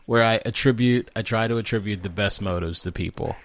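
A man wrapping up a podcast episode, hesitant and restarting often, with a wry, joking tone. His voice is low and steady. The recording is dry and close to the mic. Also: a little fast, no room sound. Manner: hesitant, filler-heavy, wry. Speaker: podcast host. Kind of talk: casual podcast banter and sign-off.

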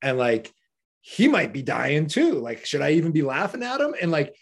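A man appearing as a podcast guest tells a story loosely and casually, swearing often, laughing along, and saying "like" constantly. His voice is a little high, gravelly, and husky, with big pitch swings at a moderate pace.

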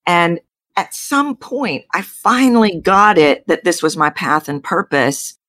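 A Texan woman with a low, deep speaking voice, telling her story with animated leaps up in pitch. The sound is dry and close, with no room around it. She talks like a seasoned voice coach giving an interview. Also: unhurried, no room sound. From Texas. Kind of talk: interview guest.

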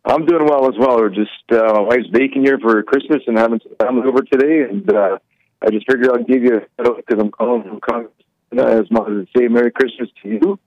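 A man's voice: medium pitch, quick pace. A Canadian man calling in to a talk show, friendly and stammering over his words, heard on a breaking-up phone line. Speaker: caller. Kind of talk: phone call-in chat.

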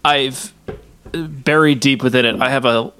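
A man's voice: medium pitch, steady tone, measured pace, pushed and bright, clean tone. A man co-hosting a podcast in casual chat, wry and joking. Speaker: podcast co-host.

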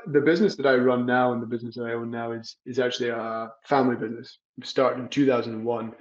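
A friendly, easygoing man speaks with a Scottish accent that has drifted toward American. He talks as an interview guest and fills his pauses with "uh" and "um". His voice comes through slightly dull, lo-fi remote audio. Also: medium pitch. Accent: Scottish mixed with American. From Scotland. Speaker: guest, company CEO. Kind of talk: casual podcast interview.

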